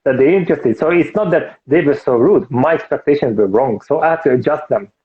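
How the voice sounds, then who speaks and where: A man's voice: fairly high pitch, brisk. A man, a guest author in a casual interview, explaining things in an earnest way. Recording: tinny remote call line.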